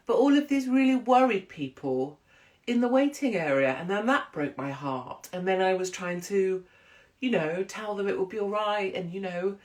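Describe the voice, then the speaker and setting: A woman's voice: lowish voice, animated, unhurried. A woman in a casual monologue, telling blunt, profane, rambling stories. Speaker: commentator.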